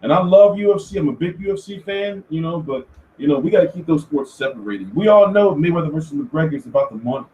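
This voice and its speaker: A man hosting a casual commentary show, talking in an animated, profane rant. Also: fairly high pitch, quick pace, lo-fi sound, slight background noise. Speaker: host. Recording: echoey room, far from mic.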